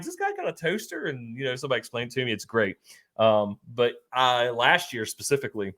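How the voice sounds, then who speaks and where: A man with a lowish, slightly bright voice co-hosts a sports podcast, telling a story in a casual chat. He's laid-back and laughs often, with lots of fillers and restarts.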